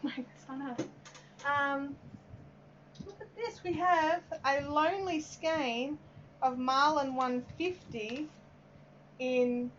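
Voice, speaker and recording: A chatty Australian woman with a fairly high voice, rambling through a casual live craft stream. Her talk is full of little "um"s as she works and greets viewers. The audio is a bit dull and muffled, with faint hiss behind it. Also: fairly bright tone. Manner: chatty and rambling, reading out viewer comments, many "um"s. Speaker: yarn dyer hosting a live stream. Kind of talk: casual live-stream chat while working.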